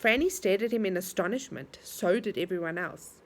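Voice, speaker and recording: A woman reading a storybook aloud to a child in an animated way, stopping to ask questions. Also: medium pitch, fairly quick.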